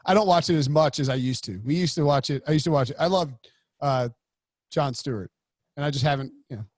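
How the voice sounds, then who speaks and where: A man with a high, light voice co-hosts a sports podcast in casual chat. He rambles and jokes, slipping into mock announcer bits now and then. The sound is close and dry. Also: quick pace, darkish tone, dry recording. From United States. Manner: rambling, joking, with playful put-on announcer bits. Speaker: podcast co-host.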